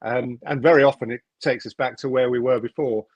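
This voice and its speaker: A husky-voiced Englishman talks in a measured, thoughtful way as a podcast guest. The sound is dry, close and free of echo. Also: mid-range voice, steady tone, dull audio.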